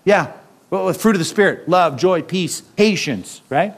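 A male pastor with a notably high-pitched voice delivers a sermon in a loose, conversational way. He keeps checking in with the congregation through quick rhetorical questions, with light chuckles along the way. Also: lively intonation.

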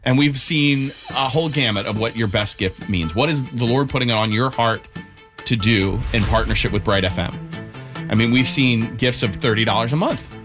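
A man hosting a radio fundraiser on air, upbeat, spelling out phone numbers slowly and clearly. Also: mid-range voice. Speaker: radio host. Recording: radio studio with music bed.

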